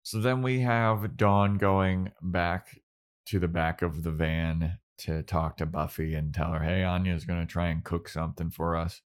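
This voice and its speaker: Low-voiced podcast guy, laid back, recaps the episode and does little voices for the characters. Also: flat delivery, clean tone. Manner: laid-back, retells scenes in quick put-on character voices. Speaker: podcast co-host. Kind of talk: casual chat recapping a TV episode.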